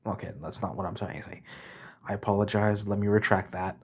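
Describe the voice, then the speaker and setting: A man with a low, husky voice rants to his camera, blunt and exasperated. He swears freely, stumbles, and stops to take back what he just said. His delivery is rambling and candid. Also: fairly even intonation, brisk. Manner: frustrated, blunt, swearing, rambling with self-corrections. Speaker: vlogger.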